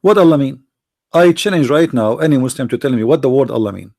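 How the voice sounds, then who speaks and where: Man, Arabic accent, gravelly, dry close sound, insistent debate host. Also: medium pitch, lively intonation, fast, a little mellow, no room sound. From Middle East. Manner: challenging, insistent questioning. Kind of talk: live debate call-in stream.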